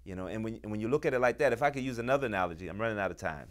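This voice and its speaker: A man hosting a show, talking with deep emotion and passion, acting out quoted voices as he makes his points. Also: expressive, very fast. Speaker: host. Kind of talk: impassioned talk to camera.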